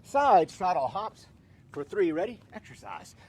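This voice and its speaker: A man's voice: high-pitched, very animated, a little slow, darkish tone, slight background noise. A middle-aged Southern American man leading a workout class, calling out drill-style commands between laid-back stories. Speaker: fitness instructor.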